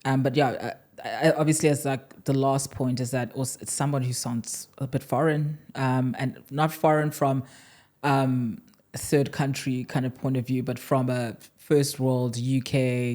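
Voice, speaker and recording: A woman's voice: very deep voice, fairly even intonation, measured pace, darkish tone. A young woman from South Africa co-hosting a podcast, chatting casually with frequent laughs and fillers. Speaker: podcast co-host.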